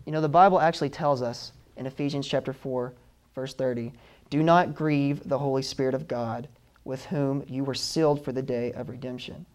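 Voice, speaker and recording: A man preaching a sermon in an earnest, emotional way, slowing down with heavy pauses for emphasis. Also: mid-range voice, steady tone, darkish tone.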